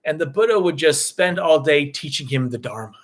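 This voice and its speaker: A man's voice: fairly high pitch, a little fast. Male meditation teacher, easygoing storyteller, loose conversational dharma talk. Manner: relaxed, loose, with many "you know" and "right?" tags.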